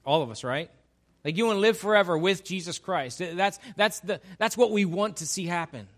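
A man's voice: sits high, animated, moderate pace. A man preaching a sermon, who reads scripture and acts out its dialogue with playful humor. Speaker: pastor.

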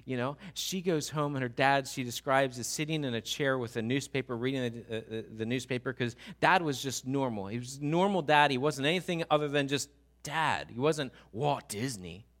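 A man preaching a sermon, telling a story with many restarts, dropping to hushed, slow prayer and rising to loud exhortation. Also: medium pitch. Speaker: pastor.

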